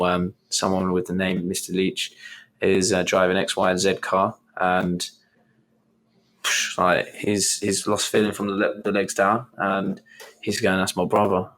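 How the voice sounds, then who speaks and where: A young man with a very low voice tells a long personal story on a podcast. He talks casually, rambling and restarting sentences as he goes. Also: fairly bright tone. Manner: rambling, restarts and retells with quoted inner thoughts. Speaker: podcast host.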